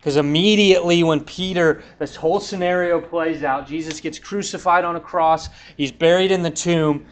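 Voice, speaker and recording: A young man delivers a sermon with a slightly higher voice than most men. He retells the scripture story in a relaxed, chatty way, acting out the quotes as he goes. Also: moderate pace, few pauses. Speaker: preacher.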